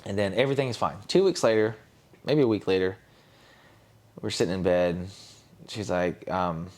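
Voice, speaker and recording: A man's voice: deep voice, normal speed, a little mellow. A young man, a podcast guest, telling a personal story candidly and acting out what others said. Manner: candid, retells scenes with quoted voices. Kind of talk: casual storytelling.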